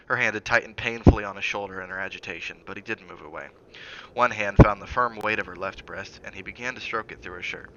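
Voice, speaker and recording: Man reading a novel aloud, sharp tone. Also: on the low side, a little fast, highs cut off, a little hiss or hum. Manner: steady storytelling with dramatic emphasis.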